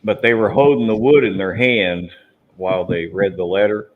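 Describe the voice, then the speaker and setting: A man's voice: fairly low pitch, fairly even intonation, normal speed. A man hosting a live hobby hangout, chatting casually and telling prank stories while carving foam. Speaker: hobby channel host. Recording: slightly muffled, faint background hiss.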